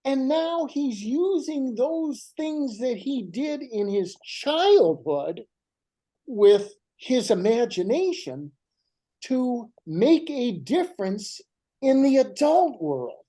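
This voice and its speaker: Animated older man telling stories. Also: very high-pitched, rough recording. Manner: animated and emotional, slows down for emphasis. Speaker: guest writer. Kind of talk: heartfelt storytelling.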